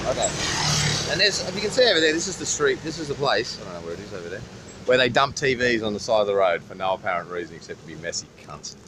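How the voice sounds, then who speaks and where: A man's voice: on the low side, sing-song, fast talker. An Australian man vlogging casually at a busy roadside, swearing freely and rambling through a story into a handheld camera. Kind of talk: casual roadside travel vlog. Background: faint passing traffic.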